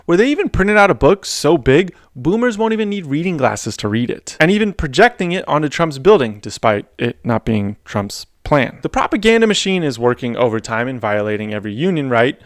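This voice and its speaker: Deadpan man doing satire. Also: a little high, brisk, few pauses, dry recording, studio quality. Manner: deadpan, mocking punchlines. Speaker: comedy show host. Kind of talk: scripted satirical monologue.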